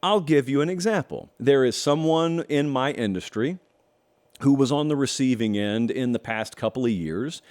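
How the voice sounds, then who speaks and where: Speaking at a moderate pace in a mid-range, slightly mellow voice, a middle-aged Southern man hosts a show. His commentary is folksy and opinionated, full of stretched words for emphasis and dry little asides.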